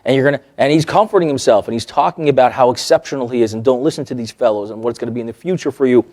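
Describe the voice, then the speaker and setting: A male therapist teaching a workshop, telling client stories in a lively way and checking in with the audience. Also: medium pitch, rapid-fire. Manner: animated, acts out quoted remarks, checks in with the audience.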